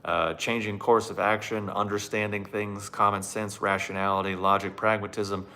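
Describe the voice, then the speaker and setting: A man's voice: fairly low pitch, little pitch movement, normal speed, hardly any pauses, sharp tone. A man giving a sardonic monologue on spirituality and self-help, mocking it and acting out the voices he quotes.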